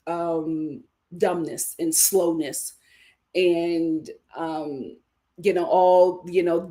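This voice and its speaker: A woman hosting a livestream, reading viewer comments aloud and reacting to them emphatically, often repeating her own lines for effect. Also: fairly low pitch. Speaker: show host.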